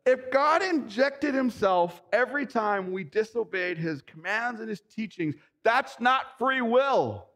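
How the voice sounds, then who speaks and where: A male pastor delivering a sermon, reading scripture aloud and preaching with emphatic, excitable bursts. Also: extremely high pitch, a little slow, hardly any pauses. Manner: reads scripture passages aloud.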